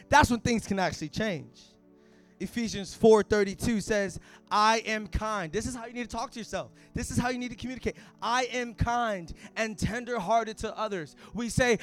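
A man preaching with a very high voice. His delivery moves from quiet, hushed asides up to loud shouted declarations. Faint music plays behind him. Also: moderate pace. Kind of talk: sermon.

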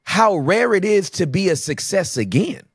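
A man talking as a podcast guest, telling emphatic, animated stories in casual conversation. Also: high-pitched, moderate pace, gravelly, breathy edge, dry recording, clean studio sound.

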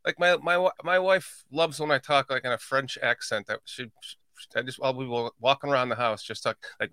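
A man's voice: fairly high pitch, animated, brisk, fairly bright tone, dry recording, clean studio sound. A man hosting a casual podcast chat, joking, teasing and swearing with his guest. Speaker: host.

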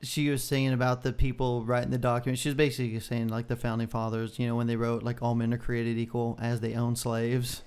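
Sarcastic, profane podcast co-host. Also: male voice, mid-range voice, completely flat delivery, brisk, hardly any pauses, a little mellow, clean tone. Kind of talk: casual chat.

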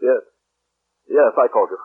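An actor playing a panicked, guilt-ridden wealthy man, shouting and muttering in 1940s radio-drama style. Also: medium pitch, moderate pace, breathy edge. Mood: frantic. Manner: frantic, shouting, breaking into frightened mutters. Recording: tinny old radio broadcast.

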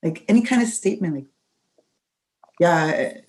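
A woman's voice: lowish voice, lively intonation, normal speed, darkish tone, rough recording. Woman podcast host, earnest and emphatic, speaking from experience. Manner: earnest, emphatic, mother of children. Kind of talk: casual chat.

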